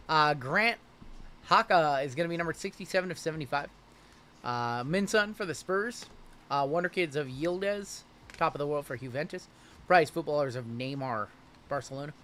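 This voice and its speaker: A man's voice: on the high side, pushed and bright, a little hiss or hum. A man hosting a live card break stream, rattling off names and teams in a loose, chatty way with plenty of fillers.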